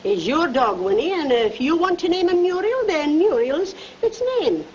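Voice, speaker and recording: Elderly grandmother, kind and motherly, high lilting voice, faint hiss, muffled vintage soundtrack. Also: sing-song, normal speed. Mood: gentle. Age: older. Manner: gentle, motherly. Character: kindly old grandmother neighbor. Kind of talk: 1930s film acting. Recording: dull scratchy 1930s film soundtrack.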